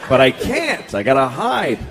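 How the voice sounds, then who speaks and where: A man's voice: mid-range voice, huge pitch swings, measured pace, a bit bright. A man in his thirties doing profane, self-deprecating stand-up comedy, acting out voices, recorded live with crowd noise. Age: 30s. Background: audience laughter.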